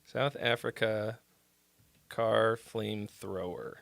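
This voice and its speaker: A man hosting a live stream, chatting casually with viewers in a rambling, profane, excitable way and answering their comments. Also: on the low side, takes it slowly, gravelly. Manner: reads viewer comments aloud and replies. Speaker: livestream host giving song critiques.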